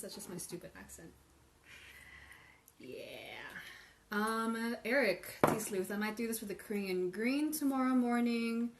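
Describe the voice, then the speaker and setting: A woman's voice: mid-range voice, measured pace, very noisy. Woman musing over tea in a roomy space. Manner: thinking aloud, musing, comparing tastes. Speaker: tea livestream host. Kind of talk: live tasting chat, reading viewer questions. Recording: roomy livestream audio with faint ambience.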